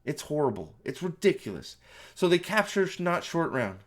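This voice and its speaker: A man's voice: a little high, big pitch swings, normal speed. A man ranting through a spoiler movie review, exasperated, profane and rambling.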